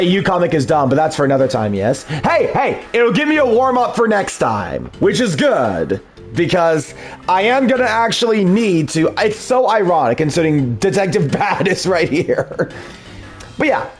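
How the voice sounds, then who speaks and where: A chatty host breaks off from voicing figures to talk casually, his pitch a bit raised and lively. He sounds loose and self-mocking in his asides, with soft music in the background. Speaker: voice actor and host. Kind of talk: casual commentary.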